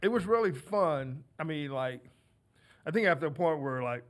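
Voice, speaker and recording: A middle-aged former running back chats as a guest in a radio studio. He talks in an easygoing way and keeps nodding along with yeahs, and his voice sits slightly high. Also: lively intonation, moderate pace. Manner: laid-back, agreeable, many yeahs. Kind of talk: casual studio chat.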